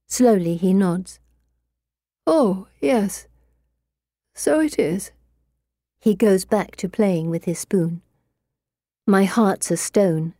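Mellow woman narrating a novel. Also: on the low side, no echo, studio quality. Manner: expressive, bitter and wry. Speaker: audiobook narrator. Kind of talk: first-person novel narration.

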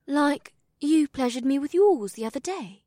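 A man voicing a shy, innocent young elven woman with a soft, timid, breathy manner in an audiobook. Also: extremely high pitch, expressive, moderate pace, no echo, studio quality, voice pushed up. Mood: shy, curious. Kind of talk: audiobook character voice.

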